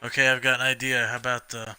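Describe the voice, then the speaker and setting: A man's voice: medium pitch, level tone, quick pace, pushed and bright, clean tone. A man casually thinking aloud while streaming a let's play. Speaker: streamer playing a game.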